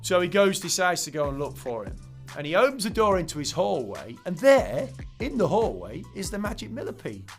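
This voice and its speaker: A man's voice: high-pitched, a little fast, hardly any pauses, faint music behind. A middle-aged man, a PE teacher, chatting as a podcast guest and telling a long joke with voiced characters. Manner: chatty, tells jokes with lively voiced characters. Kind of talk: casual interview chat.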